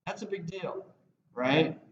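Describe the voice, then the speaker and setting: A man teaches a web design class, rambling through asides and acting out quoted lines. His voice sits high for a man. The recording is roomy and a little muffled. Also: slow, a little hiss or hum. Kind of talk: classroom lecture.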